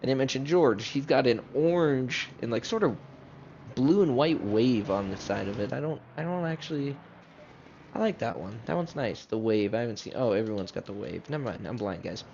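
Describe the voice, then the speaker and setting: A man in an easygoing commentary mode, walking viewers through a sim race and stopping to correct himself. His voice sits at an ordinary middle pitch. The audio is dull and lo-fi, with a faint background hum. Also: lively intonation, moderate pace, gravelly, darkish tone. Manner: chatty, self-correcting, talks straight to viewers. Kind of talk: casual live race commentary.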